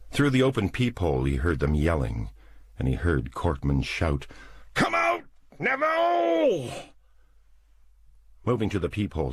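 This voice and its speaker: A man narrating a novel as an audiobook in a slow, deliberate, dramatic reading. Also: extremely low pitch, darkish tone, slightly rough, dry recording. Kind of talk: scripted narration.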